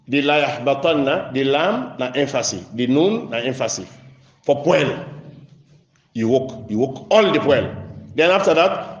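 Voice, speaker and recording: A man with a Nigerian Pidgin accent preaching a sermon. He recites verses slowly, then explains them in a rising, emphatic voice and drops to quiet asides. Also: mid-range voice, muffled recording. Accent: Nigerian Pidgin English. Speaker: Islamic preacher. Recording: roomy echo.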